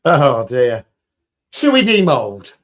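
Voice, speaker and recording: A man hosting a resin crafting livestream, chatting casually with viewers in an upbeat, jokey way. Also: mid-range voice. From United Kingdom. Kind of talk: casual livestream chat reading viewer comments.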